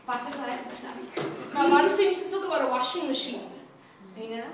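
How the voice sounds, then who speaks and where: Lively woman preacher, high voice, quizzing the congregation, recorded from far off in an echoey church hall. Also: a little fast. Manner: playful, asks the congregation questions, laughs often. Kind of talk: interactive sermon. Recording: echoey hall, distant mic, background hiss.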